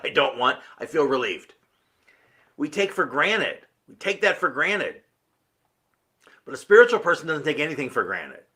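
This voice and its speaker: Bright-voiced man giving a motivational talk. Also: mid-range voice. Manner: earnest, emphatic, rhetorical questions. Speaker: motivational speaker.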